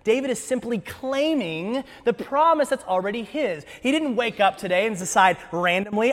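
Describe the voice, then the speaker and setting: Animated high-voiced preacher in church. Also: male voice, normal speed, few pauses, in a large hall. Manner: animated, acts out scripture with voices. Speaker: pastor. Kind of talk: sermon.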